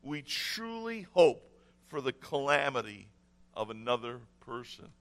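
A man's voice: mid-range voice, very animated, a little slow. A man preaching a sermon in an earnest way, repeating key phrases for emphasis. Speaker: pastor.

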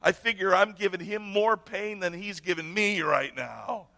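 A man's voice: high voice, normal speed, vocal fry, sharp tone, heavily acted. A man voicing a stubborn little boy who got stung by a bee, told within a sermon story.

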